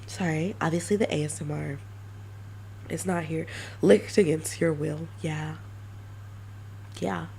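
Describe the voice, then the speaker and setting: A woman streamer chatting casually and brainstorming ideas, halting with many restarts. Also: sits low, creaky, slight background noise. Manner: halting, many restarts, self-mocking laughs.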